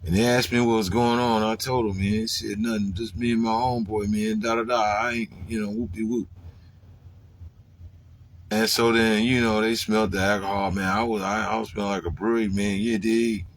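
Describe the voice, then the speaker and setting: This casual, foul-mouthed personal anecdote comes from a man who keeps finishing phrases with "man" and voices his own old lines louder and higher. His tone stays level at normal speed, and slight background noise is present.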